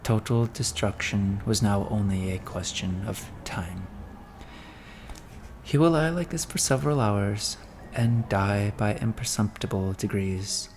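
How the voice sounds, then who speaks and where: A man giving a measured, solemn reading of a classic novel as an audiobook narrator. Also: fairly low pitch, animated, a little mellow, faint music behind.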